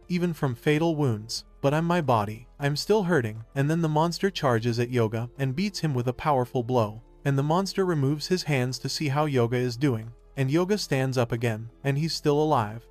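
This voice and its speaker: A man with a voice of ordinary middle pitch tells a story in a steady recap style. He reads every character's line in the same even narrating voice, and quiet music plays behind him.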